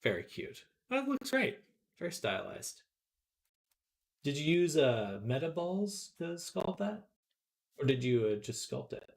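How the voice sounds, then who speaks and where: Easygoing man with lively, swooping pitch. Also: a little slow, gravelly, long pauses. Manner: relaxed, chuckling, reads chat aloud. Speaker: 3D artist streaming avatar work. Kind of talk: casual livestream chat while working.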